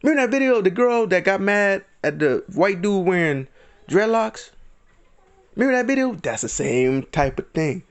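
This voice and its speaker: Heated high-pitched man ranting. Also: big pitch swings, moderate pace, clear, resonant tone. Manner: heated, indignant, acts out quotes in mock voices. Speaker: vlogger. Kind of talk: ranting commentary.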